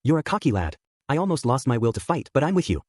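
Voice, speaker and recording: A man's voice: mid-range voice, big pitch swings, fast talker, darkish tone, no echo. A man voicing a proud old male giant warrior in a solemn delivery.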